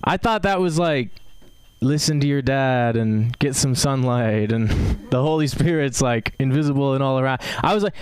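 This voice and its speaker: A man's voice: mid-range voice, measured pace, clean tone, no room sound. A young man from Seattle doing an open mic stand-up set, rambling with fillers and laughing at his own jokes. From Seattle, USA. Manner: rambling, filler-heavy delivery with self-amused laughs. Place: comedy club stage.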